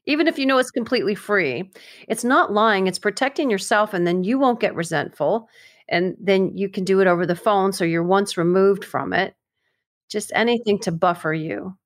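A woman giving advice in a casual podcast chat, brisk and explanatory, with playful wordplay. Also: medium pitch, no room sound, clean studio sound.

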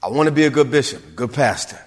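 A male pastor preaching a sermon, asking the congregation questions and swinging between hushed asides and raised exclamations. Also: medium pitch, animated, fast talker. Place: church sanctuary. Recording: long hall reverb.

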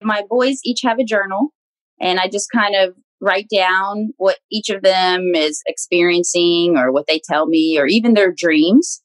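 A woman's voice: lowish voice, no echo, rough recording. Young woman, interview guest, earnest, frequent laughter, dry close sound. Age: young adult. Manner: laughs often, warm and earnest. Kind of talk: casual interview talk.

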